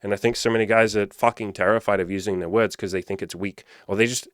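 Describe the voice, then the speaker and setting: A man's voice: lowish voice, steady tone, fast talker, dry recording, studio quality. A man talking as a dating coach in a casual monologue, blunt and swearing constantly, driving points home with rhetorical questions.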